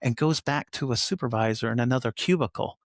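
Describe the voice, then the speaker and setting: A man's voice: mid-range voice, fast talker, no echo. Older man telling a story, dry sound. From Colorado, USA. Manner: animated retelling, acts out others' lines. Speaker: retired sheriff's sergeant, guest. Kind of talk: candid storytelling conversation.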